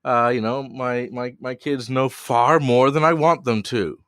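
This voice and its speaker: A man's voice: medium pitch, fairly even intonation, a little slow, fairly bright tone, no echo. An Australian man chats as a podcast guest, tripping over his words and repeating them as he goes. His dry humor sits in an ordinary mid-range voice. The recording is close and dead. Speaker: guest tech journalist. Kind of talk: casual podcast chat.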